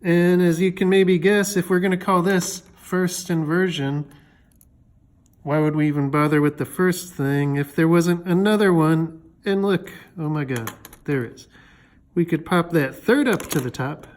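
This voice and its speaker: A man with a slightly high voice walks through a music theory lesson. He talks in a loose, chatty way, full of fillers and small jokes, like he's explaining things to a friend. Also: a little slow.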